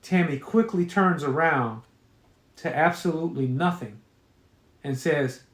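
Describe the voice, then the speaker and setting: A man's voice: fairly high pitch, a little slow. A man reading his own horror story aloud in a casual storytelling manner, with occasional fillers. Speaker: author. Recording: roomy echo.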